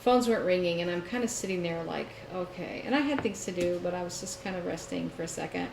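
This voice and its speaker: Animated woman telling a story in a roomy space. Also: fairly low pitch, fast, gravelly. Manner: animated storyteller, laughing often. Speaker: podcast co-host. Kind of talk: casual chat. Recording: roomy echo, faint noise.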